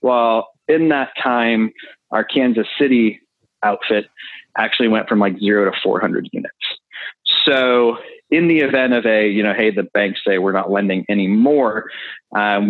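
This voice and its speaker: Brief: man, low pitch, guest walking through numbers casually, dry tinny phone-line audio. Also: normal speed, dry recording. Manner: explanatory, talks through numbers with fillers. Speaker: real estate investor guest. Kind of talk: casual interview answers.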